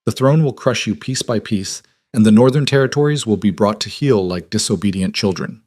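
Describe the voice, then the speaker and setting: A man's voice: lowish voice, a little fast, darkish tone, dry recording, clean studio sound, close to an everyday voice. A man voicing a defiant young woman, a cast-out wolf queen, who speaks in a cool, level, unyielding way. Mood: steely.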